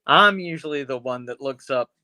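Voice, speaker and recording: A man's voice: medium pitch, moderate pace, bright, forceful tone, dry recording. A man co-hosting a podcast, retelling a story in a rambling, profane way and acting out the characters' lines. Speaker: podcast co-host. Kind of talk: casual chat, retelling a film episode.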